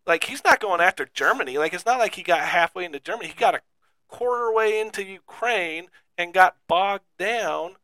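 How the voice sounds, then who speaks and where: A man's voice: high-pitched, expressive, moderate pace, bright, forceful tone, no room sound. A man co-hosting a podcast in casual chat, rambling and skeptical, stumbling and restarting as he talks. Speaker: podcast co-host.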